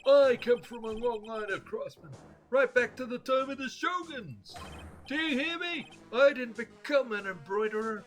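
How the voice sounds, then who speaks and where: A man voicing a cranky, paranoid old male craftsman who rants and shouts. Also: moderate pace, soft background music. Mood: indignant. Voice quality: shrill, ranting. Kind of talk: game dialogue read aloud.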